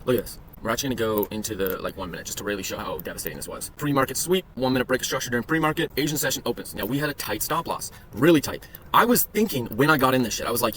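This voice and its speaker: A man's voice: mid-range voice, expressive, very fast, hardly any pauses, a bit bright, slight background noise. A man giving casual, crude and joking commentary while reviewing his trading charts, with profane rambling asides. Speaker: day trading vlogger. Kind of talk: casual screen-share commentary.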